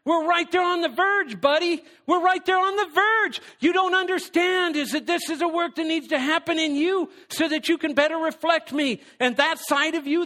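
A man's voice: extremely high pitch, bright, forceful tone, voice pushed up. A man voicing God, patiently and earnestly correcting a pastor during a sermon. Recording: long hall reverb.

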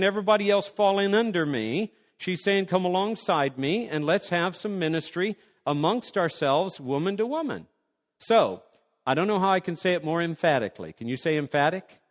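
A man's voice: on the high side, big-room sound. A man preaching a sermon as pastor, emphatic and conversational, asking the congregation rhetorical questions.

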